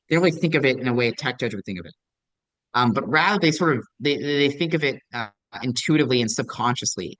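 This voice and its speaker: A man's voice: medium pitch, lively intonation, fast talker, a bit bright, no echo, poor audio. A young man giving a casual lecture as a debate coach, answering student questions with lots of ums and likes, patient and encouraging. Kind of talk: recorded lecture with audience questions.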